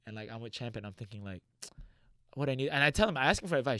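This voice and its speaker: A man's voice: mid-range voice, fast talker, smooth, no room sound, studio quality. A young man telling stories in a casual podcast chat, acting out quoted voices as he goes. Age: young adult. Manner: animated storyteller, acts out quotes. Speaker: podcast guest, goalkeeper.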